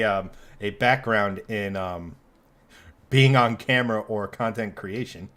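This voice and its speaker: A man's voice: on the low side, fairly bright tone. Rambling sick man co-hosting a podcast. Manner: rambling, hesitant, lots of fillers and restarts, sudden quick bursts. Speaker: podcast co-host. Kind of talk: casual chat.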